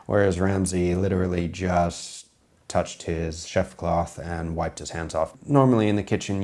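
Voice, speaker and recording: A chef casually narrates a cooking video, explaining tips and addressing viewers as "guys." His low, warm voice is a little strained from a recent illness.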